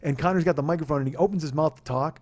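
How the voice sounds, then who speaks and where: A man in his forties hosting a podcast, telling a story in a casual, profane, animated way and laughing at his own retellings. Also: on the high side, racing. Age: 40s. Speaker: podcast host.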